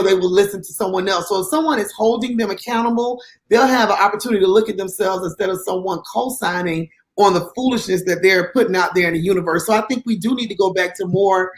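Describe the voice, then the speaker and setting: A woman hosting an interview, speaking in a measured, earnest way. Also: mid-range voice. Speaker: podcast host. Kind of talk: casual interview.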